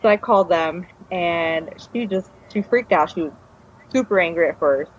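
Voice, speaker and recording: A woman's voice: on the low side, moderate pace, slight background noise. Meandering woman telling her story, lo-fi. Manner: meandering, many trailing restarts. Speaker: interview guest. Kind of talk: casual personal storytelling. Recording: dull lo-fi recording.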